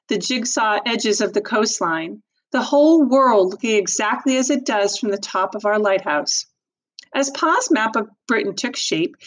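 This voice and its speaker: A woman teacher reading a book aloud expressively, then adding casual comments with fillers. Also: mid-range voice.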